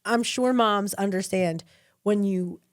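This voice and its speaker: A woman's voice: medium pitch, slow pace. A woman in her thirties co-hosting a podcast, telling family stories in casual chat and laughing often. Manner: animated storyteller, laughs often. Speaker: podcast co-host.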